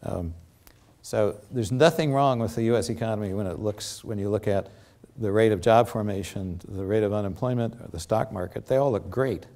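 Halting older man giving a lecture. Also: lowish voice, a little mellow. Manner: halting, many fillers and restarts. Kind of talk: academic lecture with slides. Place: lecture theatre.

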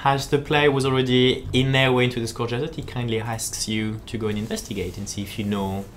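A man speaking as a game designer, giving chatty, halting live-stream commentary while he plays, full of fillers and repeated words. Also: medium pitch, flat delivery, slight background noise. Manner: chatty and jokey.

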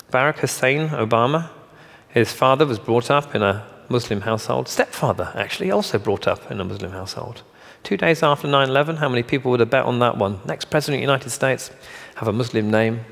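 A keynote speaker with a medium-pitched, creaky, slightly bright voice motivates the crowd on stage. He's punchy and emphatic, mixing joking asides with rhetorical questions, and the large conference hall gives a long reverb.

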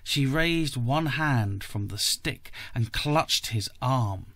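A man reading a classic story aloud for a podcast, slowly and deliberately. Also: mid-range voice, lively intonation, a bit bright, no room sound. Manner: slow, careful and deliberate. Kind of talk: audiobook-style story reading.

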